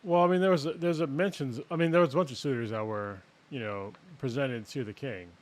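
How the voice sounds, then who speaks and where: A man's voice: medium pitch, no echo. A man in casual podcast chat who firmly corrects his co-host about the details of an episode. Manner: firm, correcting, quick to disagree.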